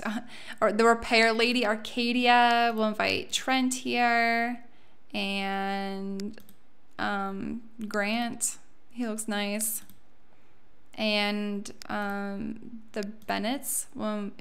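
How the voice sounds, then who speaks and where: A young woman casually commenting on a life-sim game as she plays, chatty and excitable, often laughing and squealing. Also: on the high side. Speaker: let's play host.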